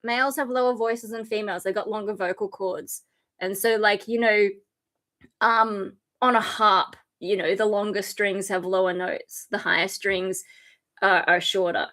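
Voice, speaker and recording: A woman's voice: medium pitch, level tone, a little slow, sharp tone. A tired woman livestreamer in casual chat, patiently explaining a viewer's question with everyday examples. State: exhausted. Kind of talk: casual live-stream chat.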